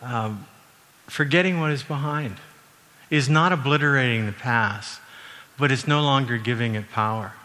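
A middle-aged man from Canada preaching a sermon in a relaxed, conversational way, with frequent fillers and self-corrections. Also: medium pitch, moderate pace. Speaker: university president and former minister. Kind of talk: sermon with personal anecdotes. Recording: long reverb from a large hall.

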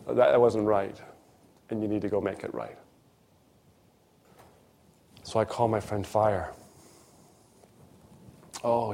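A middle-aged man preaching a sermon, telling a personal story with lively swings between loud emphasis and hushed, quiet asides. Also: fairly low pitch, vocal fry, slight background noise.

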